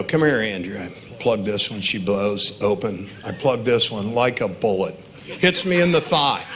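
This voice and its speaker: A man in his sixties, father of the bride, giving a wedding toast full of stories and chuckling at his own anecdotes. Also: medium pitch. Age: 60s. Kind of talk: wedding reception speech.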